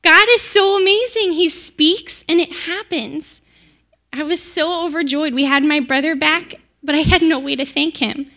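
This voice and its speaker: A woman plays a devoted young disciple telling her story in a heartfelt, chatty dramatic monologue. Her voice is high and bright. The delivery is direct, as if she were speaking to listeners in the room. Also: fairly even intonation, measured pace, vocal fry, heavily acted. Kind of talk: first-person dramatic monologue.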